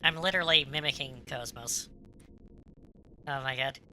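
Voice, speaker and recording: A woman streaming a video game, casually reading its dialogue aloud and chatting, stumbling over words and breaking into loud excitement. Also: extremely low pitch, normal speed, soft background music, rough recording.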